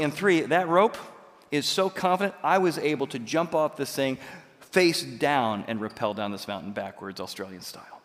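A man preaching a sermon as pastor, telling stories with lively swings between loud and quiet. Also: fairly high pitch, moderate pace, in a large hall. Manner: animated storytelling, jumps between loud and soft.

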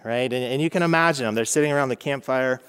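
A man's voice: mid-range voice, fast talker, fairly bright tone, clear, resonant tone. A man in his thirties teaching a casual Bible lesson, chatty and humorous with many fillers.

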